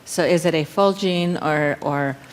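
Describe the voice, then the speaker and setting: Low-voiced woman asking halting questions. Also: slight background noise. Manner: halting, many fillers and restarts. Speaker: panel member. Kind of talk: technical questioning at a meeting.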